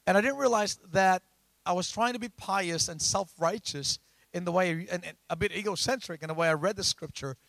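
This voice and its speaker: A man preaching a sermon, often asking the congregation questions and rising to loud emphatic lines. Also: high-pitched, fairly quick, creaky, dry recording. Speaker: pastor.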